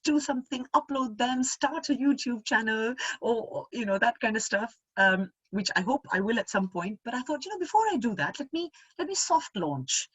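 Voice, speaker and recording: A woman's voice: fairly high pitch, animated, brisk, hardly any pauses, husky, no room sound. A middle-aged woman chatting as an interview guest over a video call, reflective and thinking aloud as she talks. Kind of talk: casual conversational interview.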